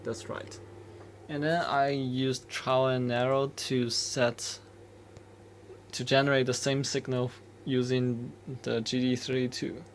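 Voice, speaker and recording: A man talks slowly through a coding walkthrough, pausing and restarting as he works things out. His voice is gravelly and flat in pitch, with a faint hiss of noise behind it. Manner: slow, hesitant, thinking aloud with restarts. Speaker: embedded developer explaining code. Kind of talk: screen-recorded coding walkthrough.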